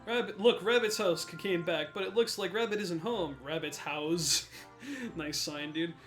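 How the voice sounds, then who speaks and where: A young man commenting over gameplay in a high, wry voice. His jokes are sarcastic and offhand, and soft music plays behind him. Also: normal speed. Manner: sarcastic and joking. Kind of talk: let's play commentary.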